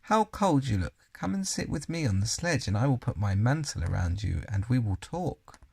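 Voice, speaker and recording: An imperious storybook queen, haughty and scornful, voiced with gravelly, husky texture as a man reads her part. She speaks down to everyone, cold and commanding, raised above the narration. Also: mid-range voice, sing-song, moderate pace, a little mellow, heavily acted. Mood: falsely sweet.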